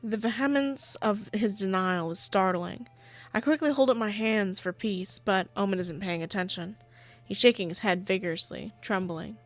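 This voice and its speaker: A woman's voice: medium pitch, normal speed, soft background music. A woman playing a visual novel, reading its narration aloud in a chatty, giggly way with casual asides. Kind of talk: reading game narration with live commentary.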